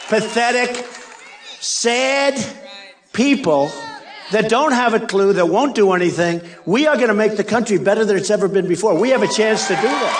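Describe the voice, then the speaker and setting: In a big arena with a faint crowd and slight background noise, an older political candidate speaks at a moderate pace. His high-pitched, animated voice carries a boastful, repetitive rally speech laced with mocking asides.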